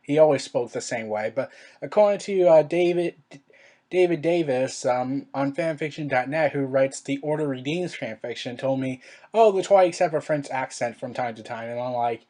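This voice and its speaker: A reviewer in a casual monologue, rambling with fillers and restarts and firing off exasperated rhetorical questions, their pitch jumping up on emphasis. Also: moderate pace, mellow. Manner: pitch swings up sharply on emphasis. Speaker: show reviewer.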